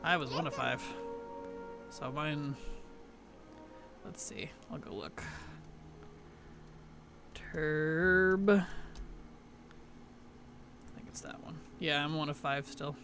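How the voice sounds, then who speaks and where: A man's voice: on the high side, slow pace, pauses often, sharp tone, faint music behind. A man streaming a video game, chatting casually in an offhand, mumbly way and letting his sentences trail off. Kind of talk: casual gaming chat.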